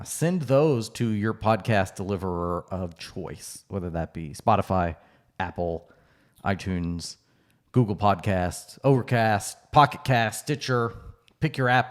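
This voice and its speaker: A man's voice: lowish voice, unhurried. A man co-hosting a podcast in a casual, conversational way, with fillers and restarts. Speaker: podcast co-host.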